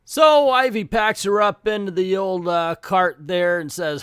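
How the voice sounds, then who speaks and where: A man's voice: sits high, unhurried, hardly any pauses, fairly bright tone, smooth, dry recording, clean studio sound. Chatty man reviewing comic books. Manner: chatty and enthusiastic, with asides and restarts. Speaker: comic book review host. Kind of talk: casual comic book commentary.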